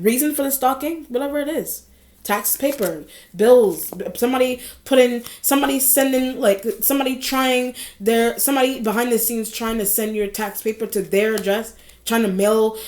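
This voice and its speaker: A woman's voice: fairly high pitch, a little mellow. A woman giving a casual tarot reading, rambling and repeating herself with frequent small laughs. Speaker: tarot reader. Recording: echoey room.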